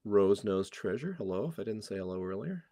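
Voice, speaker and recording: A man's voice: on the low side, lively intonation, brisk, mellow, no echo, studio quality. A man from New Hampshire with a New England accent, co-hosting a livestream, joking with his partner and reading out viewer names. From New Hampshire, USA. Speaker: co-host of a coin livestream. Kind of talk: casual livestream chat.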